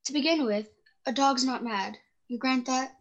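An actress playing a grinning, riddling cat who teases with matter-of-fact logic. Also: female voice, sits high, normal speed. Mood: teasing. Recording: dull lo-fi sound.

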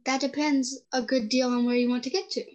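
Teasing, riddling cat, voiced by a woman, a little high, muffled lo-fi recording. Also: flat delivery, brisk, darkish tone, natural voice. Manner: teasing, matter-of-fact logic. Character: grinning, riddling Cheshire cat. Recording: dull lo-fi sound.

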